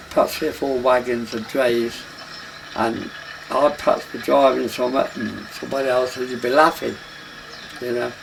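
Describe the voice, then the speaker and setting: Gravelly older man. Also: medium pitch. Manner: plain dialect speech, loosely strung recollections. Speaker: interviewee recalling travelling life. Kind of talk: rambling reminiscence. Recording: noisy documentary recording.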